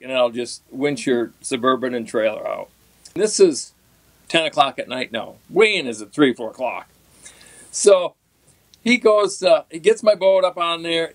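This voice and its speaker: A middle-aged man casually telling a long story as a podcast guest, animated and laughing now and then. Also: medium pitch, no echo. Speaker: podcast guest, tournament fishing pro.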